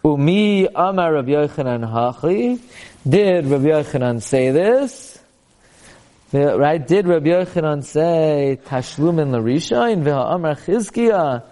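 Man, rabbi, Talmud lesson, chants text then explains, fairly high voice, warm tone. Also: lively intonation, measured pace. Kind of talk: Talmud class, reading and explaining.

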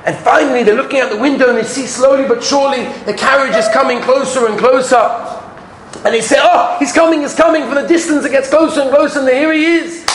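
High-voiced man giving an animated Torah talk. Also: fast talker, a loud crowd. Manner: storytelling, acts out quotes, swings from loud to hushed. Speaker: rabbi giving a shiur. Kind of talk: animated Torah lecture with stories. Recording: echoey room with faint background hum.

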